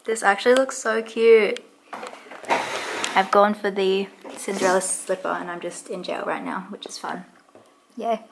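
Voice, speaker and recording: A woman's voice: medium pitch, steady tone, measured pace, creaky, long pauses. A young woman chatting casually to the camera as a vlogger, bubbly and giggly, filming on a handheld phone outdoors. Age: young adult. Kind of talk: casual vlog chat. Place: outdoors at beaches and eateries. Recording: loud background noise outdoors.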